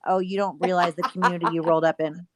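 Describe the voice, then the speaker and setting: A woman's voice: on the low side, little pitch movement, fast talker, noisy background. A young woman from California with a Bay Area accent, hosting a casual livestream chat and teasing her callers. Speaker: livestream host.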